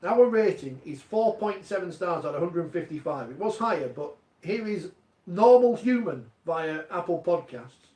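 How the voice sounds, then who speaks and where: A man's voice: high voice, animated, moderate pace, dark tone, recorded from a distance. A male presenter in casual studio banter, chuckling as he reads listener reviews aloud. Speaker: show presenter. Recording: echoey studio with faint ambience.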